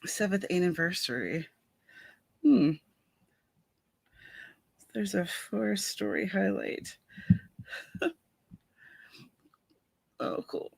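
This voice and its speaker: A woman with a medium-pitched, gravelly, breathy voice speaks animatedly, drawing out words and pausing often, in a dry recording. An author hosting a casual writing livestream on a headset mic, she chats with viewers, greets them by name, and complains about a watering eye.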